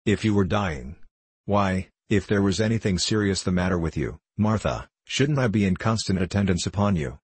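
A man reading the part of a gentle, good-natured middle-aged locksmith pleading with his wife. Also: low-pitched, expressive, moderate pace, husky, dry recording.

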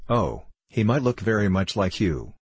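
A man reading the lines of a proud, aloof young woman in a storybook, in a cool, gently reproving manner. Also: on the low side, sing-song, normal speed, husky, no echo, exaggerated voice.

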